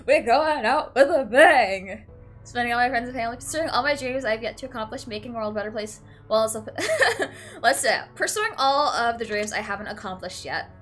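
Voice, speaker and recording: A woman's voice: fairly high pitch, fast talker, soft background music. A young woman playing a game, reading its questions aloud and reacting with emotion, often saying "like" and "literally", tearful at times. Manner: emotional, swings from flat to teary and laughing. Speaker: let's play streamer.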